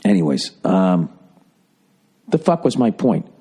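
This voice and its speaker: A man's voice: deep voice, big pitch swings, unhurried, dark tone, husky. Profane rambling man, sarcastic riffs. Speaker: podcast host. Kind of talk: rambling monologue.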